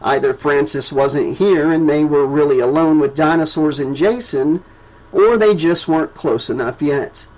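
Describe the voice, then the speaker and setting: A man narrating a horror novel as an audiobook, measured and dramatic. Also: on the high side, a little mellow, poor audio. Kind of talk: scripted narration.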